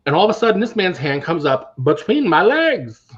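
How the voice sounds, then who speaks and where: Sassy drag queen man, high-ish voice. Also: fairly quick, husky, lo-fi sound. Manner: sassy, animated anecdotes. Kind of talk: casual panel chat.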